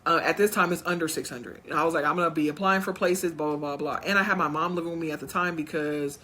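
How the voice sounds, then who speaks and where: A woman's voice: low-pitched, steady tone, fast, pushed and bright. A woman chatting straight to her viewers at home, telling a personal story and acting out what others said. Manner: acts out others' voices in quotes. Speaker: vlogger. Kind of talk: casual storytime vlog.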